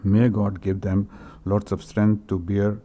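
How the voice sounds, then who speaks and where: An older man reads condolence messages at a memorial. His voice is low and very warm, and he halts often with fillers and throat-clearing. He is openly emotional as he reads. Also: completely flat delivery, measured pace. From India. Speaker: speaker at a memorial tribute. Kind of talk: reading condolence messages aloud.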